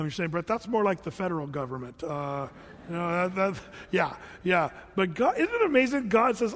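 A man pastor giving a conversational sermon, repeating words as he goes and reading scripture slowly and earnestly. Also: high voice, long reverb tail.

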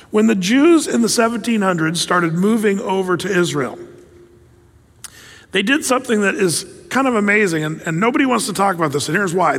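A man giving a sermon-style Bible teaching, conversational and animated, often acting out quoted voices. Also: sits high, slightly rough, big-room sound.

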